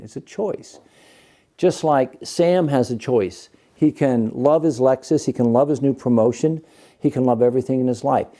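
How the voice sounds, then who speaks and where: A middle-aged man with a gravelly, dark voice talks casually to the camera. He hosts his own show as a physician and keeps putting questions to the viewer. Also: mid-range voice. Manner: conversational, asks the viewer questions.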